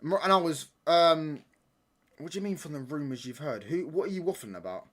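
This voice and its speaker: A young man holds forth on football during a live stream from home, talking a little higher than most men. He rambles, trades jabs with his chat and throws in plenty of slang. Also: expressive, a little fast. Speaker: livestream watchalong host.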